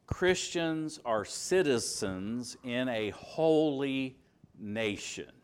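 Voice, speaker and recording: A man's voice: medium pitch, lively intonation, smooth. Emphatic Southern man preaching. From Alabama, US. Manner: emphatic, rises and drops for stress, slows on key words. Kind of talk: sermon.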